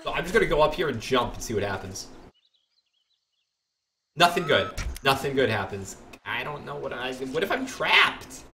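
A man's voice: mid-range voice, normal speed, long pauses, a little hiss or hum. A young man streaming a classic game live, rambling, joking and mocking himself as he plays. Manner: animated, rambling, jokey, self-mocking. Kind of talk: live gameplay commentary.

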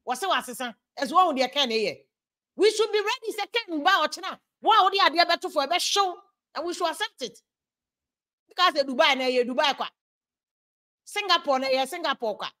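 High, bright Ghanaian woman preaching politics. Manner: passionate, preachy, switches between Twi and English. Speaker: political commentator. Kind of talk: opinionated political monologue.

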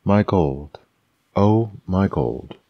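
A man voicing a frantic, greedy old miser in an ASMR bedtime story, crying out slowly in despair. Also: low voice, lively intonation, no echo, dull audio, heavily acted.

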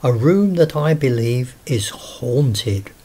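A man's voice: medium pitch, expressive, takes it slowly, mellow, breathy edge. A man voicing an emphatic schoolmistress in a storybook reading.

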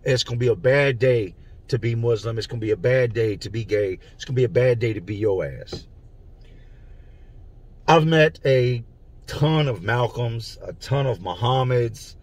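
A man's voice: mid-range voice, moderate pace, a little mellow. A man telling a story from his own prison time in a casual, slangy way, stopping to explain terms. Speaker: storyteller recounting prison life.

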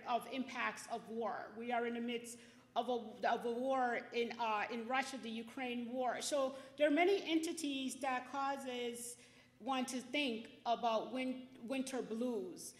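A woman hosting a library poetry reading, speaking in an encouraging, conversational way. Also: high-pitched. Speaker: event host. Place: library event room. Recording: echoey hall, reverberant.

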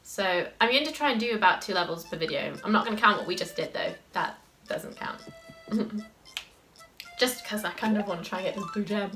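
A woman's voice: medium pitch, brisk, sharp tone, soft background music, rough recording. A woman chatting casually through a gameplay video, reading game text aloud and laughing often.

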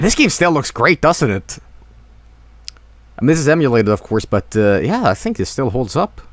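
A young man giving casual live gameplay commentary, rambling and full of fillers. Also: mid-range voice. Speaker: streamer.

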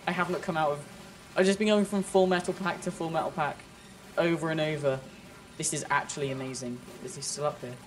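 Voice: medium pitch, steady tone, fairly quick, slight background noise. A gamer chatting casually during play with a friend, playful and teasing, often laughing. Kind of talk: casual gameplay chat.

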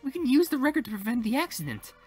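A man's voice: extremely high pitch, sing-song, fast, darkish tone, faint music behind, pitched above the performer's own voice. A man reading the lines of an eager young female trainee, earnest and a bit hesitant. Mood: earnest unsure. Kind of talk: reading game dialogue aloud.

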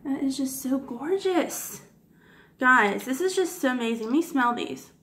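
A woman beauty vlogger swatching makeup for her viewers, gushing and giddy, often apologizing for her technique and dropping into soft whispers. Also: high-pitched, animated, unhurried. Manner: gushing, giddy, keeps addressing viewers as guys. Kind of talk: casual makeup swatch review.

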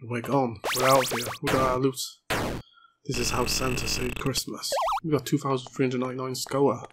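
A hoarse man giving excitable, chatty let's play commentary and swearing often. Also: medium pitch, normal speed. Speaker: gaming channel host. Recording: noisy home recording.

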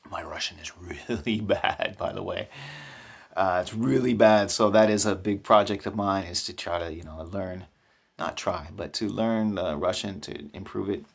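A man's voice: sits low, normal speed, creaky, husky. A man telling stories in a casual vlog, chatty and self-deprecating, often restarting his sentences. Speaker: vlogger. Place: new apartment.

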